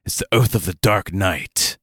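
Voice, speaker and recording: A man with a low voice co-hosts a relaxed gaming podcast, talking loosely and tossing in jokes and asides. The sound is dry and close to the mic. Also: breathy edge, no echo. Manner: joking, rambling, quick asides. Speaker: podcast co-host. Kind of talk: casual tabletop gaming chat.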